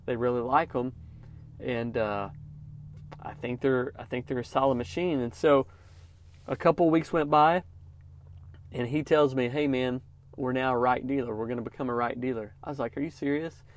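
A man's voice: mid-range voice, steady tone, normal speed, no echo. Guy rambling through a story on his podcast, chill and encouraging, dry close mic. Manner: storytelling, encouraging, says "man" often. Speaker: podcast host, lawn care business owner. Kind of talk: casual motivational podcast talk.

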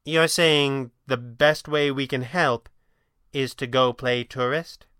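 A man voicing a quick-witted young woman who teases dryly, with a deadpan delivery in a storytelling reading. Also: medium pitch, smooth, no echo, clean studio sound. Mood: wry. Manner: deadpan, wry.

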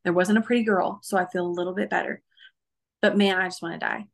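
A woman's voice: on the low side, steady tone, quick pace, creaky. A woman guest recounting her testimony in an interview, earnest and emotional, with many fillers.

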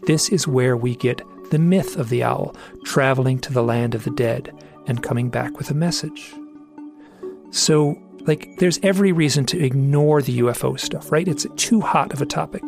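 A man's voice: medium pitch, normal speed, vocal fry, music in the background. A middle-aged man telling a personal story in an earnest, reflective way, often restarting his sentences. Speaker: speaker telling owl stories.

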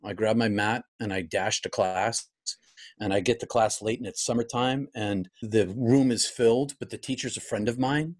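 A man's voice: lowish voice, steady tone, normal speed. A middle-aged pastor, a guest in an interview, telling a personal story in a reflective way, acting out his own past thoughts and often restarting his sentences.

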